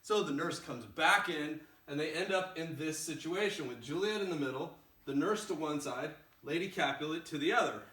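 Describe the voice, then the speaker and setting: A man teaching a play in a casual, animated way, recorded in a roomy space with the mic far off. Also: on the high side, moderate pace, few pauses. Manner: casual and animated, acts out lines. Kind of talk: explaining a play scene.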